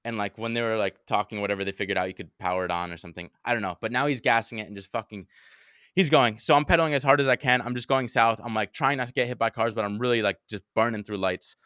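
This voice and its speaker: Fast, bright-voiced young man telling a story. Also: on the low side, clean tone, no room sound, clean studio sound. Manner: animated, heavy swearing, acts out his own panicked shouts. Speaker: podcast host. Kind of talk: casual storytelling chat.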